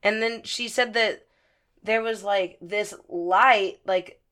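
A woman's voice: mid-range voice, slow. A young woman co-hosting a podcast, telling stories in loose, profane casual chat. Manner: profane, storytelling, animated. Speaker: podcast co-host.

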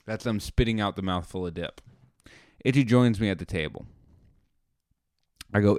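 Middle-aged male podcast comic, lowish smooth voice, dry close sound, animated storytelling. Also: normal speed, pauses often, no echo. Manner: animated, acts out scenes in quoted dialogue. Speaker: podcast host. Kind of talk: comedic monologue.

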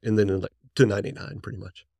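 A man in his forties, a musician guest, telling stories in a rambling, excited way and laughing often. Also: fairly low pitch, racing, creaky, slightly rough, no echo. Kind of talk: casual storytelling.

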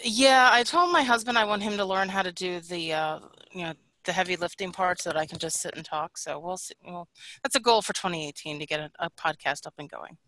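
A woman guest on a casual podcast video call, cheerful and quick to laugh. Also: lowish voice, sharp tone, dry recording, rough recording. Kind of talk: casual group chat.

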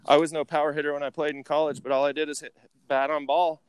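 A man hosting a casual baseball talk show, joking and jumping in with quick remarks. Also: a little high, little pitch movement, clean tone, no echo. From northwestern United States. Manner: jokey, quick interjections. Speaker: podcast host. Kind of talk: casual sports chat.

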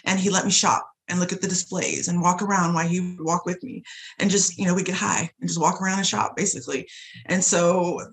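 A woman guest telling personal stories in a casual chat, lively and swearing freely. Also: on the low side, a little fast, slight background noise. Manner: animated, profane, swears freely. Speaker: guest, shop owner.

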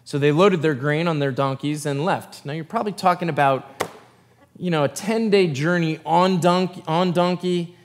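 A male pastor with a fairly high voice delivers a sermon in a church sanctuary, his words trailing off in the long reverb of the hall. He alternates between steady scripture reading and casual, rambling asides to the congregation. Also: normal speed, a little hiss or hum. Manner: reads scripture, then breaks into loose conversational asides.

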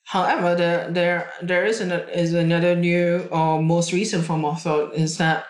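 A woman's voice: lowish voice, little pitch movement, normal speed. A woman, co-hosting a casual podcast as a chiropractor, chatty and often repeating her co-host's words. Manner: chatty, echoes the co-host's words, many restarts. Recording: roomy echo.

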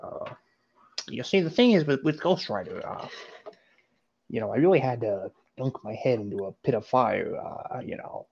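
A man doing an impression of a self-important male movie star who rambles through breathy, halting "uh"s. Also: medium pitch, animated, darkish tone. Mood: pompous drawl. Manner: halting, full of breathy drawn-out "uh"s. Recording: dull lo-fi sound.

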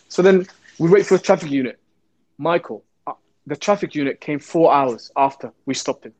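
Speaking at a moderate pace with a fairly high pitch, an ex-police officer recounts a story in an interview. He gets animated, acting out each voice he quotes.

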